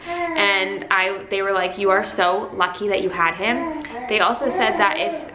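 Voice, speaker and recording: A woman's voice: mid-range voice, lively intonation, a little slow, roomy sound, crowd noise, poor audio. A young woman vlogger telling her birth story in a heartfelt, chatty way, full of "like"s. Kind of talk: casual birth story vlog.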